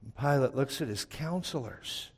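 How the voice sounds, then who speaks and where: A man preaching a sermon, retelling a story dramatically, swinging from loud to hushed. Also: medium pitch, animated, moderate pace, breathy edge, big-room sound. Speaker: pastor.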